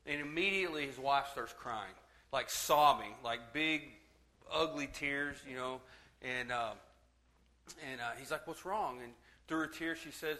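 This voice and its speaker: A man in his thirties preaches to his church, chatty and quick to joke and laugh along with the congregation. His voice is bright and forward, and his pitch sits at an ordinary middle for a man. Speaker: pastor. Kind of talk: sermon with humor.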